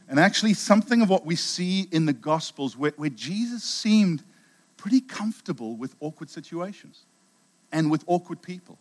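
Middle-aged South African male pastor, sermon, slightly high voice, chatty storyteller. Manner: storytelling, chatty, with many restarts.

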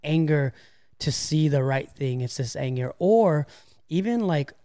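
A man co-hosting a podcast, talking reflectively and hesitantly with many pauses. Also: a little high, expressive, mellow, dry recording, studio quality. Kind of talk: casual discussion.

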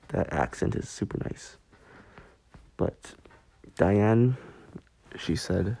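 Young male podcast host, goofy rambler, slow gravelly delivery, dark dry sound. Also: low voice, animated, dry recording. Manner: goofy, rambling, self-mocking. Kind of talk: rambling solo podcast chat. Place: bedroom, on a squeaky bed.

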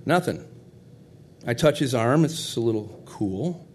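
A man's voice: mid-range voice, expressive, a little slow, a little mellow, a little hiss or hum. A middle-aged man telling a heartfelt personal story in a conversational, tender way.

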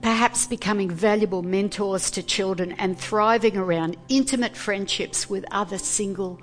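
A woman pastor giving a sermon, earnest and deliberate, pausing between phrases. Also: medium pitch, soft background music.

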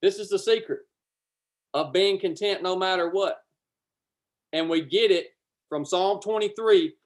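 Fervent preacher, loud bursts. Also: male voice, high-pitched, measured pace. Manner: fervent, repetitive, swells loud then drops to casual asides. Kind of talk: livestreamed sermon.

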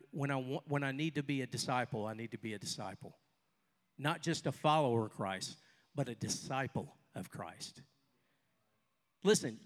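Older preacher in an echoing hall. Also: male voice, medium pitch. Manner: storytelling, animated with sudden loud bursts and quiet asides. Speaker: pastor. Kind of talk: sermon. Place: church hall with a congregation. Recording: long reverb of a large hall.

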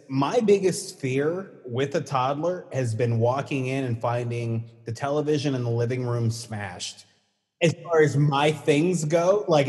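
A middle-aged man of middling pitch hosts a loose conversation. He is relaxed and teasing and laughs often. His voice carries a long reverb tail. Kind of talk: casual chat.

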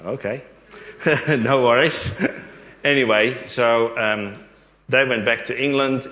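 Australian man telling a story in an echoey hall. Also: on the low side. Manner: rambling, animated storyteller with quick asides. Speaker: interview guest. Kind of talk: storytelling testimony. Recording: echoey room with long reverb.

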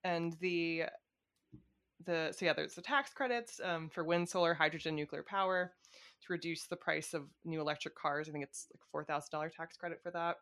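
A woman's voice: sits low, fairly quick, fairly bright tone. A woman talking politics in a casual chat, swearing freely and laughing often.

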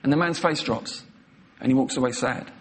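A man's voice: mid-range voice, moderate pace. A man preaching a sermon with passion and emphasis, retelling scenes and pressing his points home. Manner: impassioned, emphatic, acting out scenes in quoted voices.

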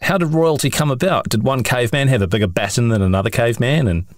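A man's voice: mid-range voice, fast talker, no room sound, studio quality. A man co-hosting a podcast in casual chat, blunt and irreverent, cursing for emphasis. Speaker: podcast co-host.

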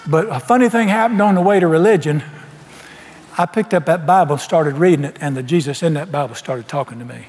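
Animated preacher in a church hall. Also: male voice, on the high side, a little fast. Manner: folksy, animated storytelling, acts out dialogue. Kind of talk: storytelling sermon.

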